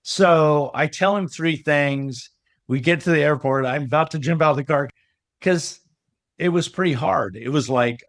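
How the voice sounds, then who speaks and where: A man's voice: fairly high pitch, moderate pace, no room sound, studio quality. A middle-aged man, a business coach, tells a personal story as a guest in a casual interview, acting out the lines of the people in it. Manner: animated storyteller who acts out remembered dialogue.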